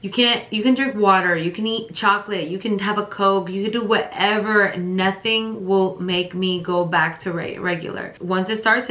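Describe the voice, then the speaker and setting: A woman chats through a casual storytime vlog. Her voice is bright and forward, and she rambles with plenty of fillers and restarts. The room around her adds a noticeable echo. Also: medium pitch. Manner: rambling, filler-heavy retelling. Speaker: vlogger. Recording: roomy echo.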